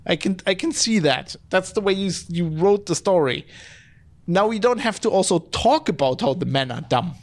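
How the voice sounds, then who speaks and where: A podcast host with a high-sitting voice and lively intonation reads chat comments aloud at a normal pace and goes off on a casual opinion rant. He rambles and swears, with lots of restarts and filler words.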